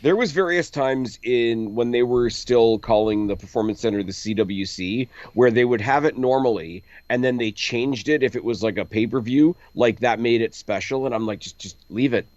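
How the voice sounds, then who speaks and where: A man co-hosting a casual wrestling review, voicing quick, emphatic opinions. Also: mid-range voice, darkish tone, no echo. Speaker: podcast co-host. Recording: dull, dry lo-fi mic.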